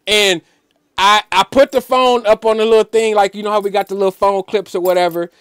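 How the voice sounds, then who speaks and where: A man, a musician guest on an interview show, telling a personal story in an animated, emphatic way, full of "like" fillers. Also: sits high, fast talker, clear, resonant tone, dry recording, clean studio sound. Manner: emphatic, preacher-like insistence.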